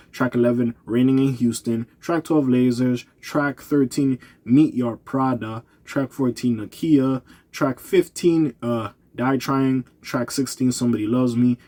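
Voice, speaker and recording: Male music reviewer, casual and unscripted, blunt and slangy, mid-pitched. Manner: candid, profane, slangy, animated when excited.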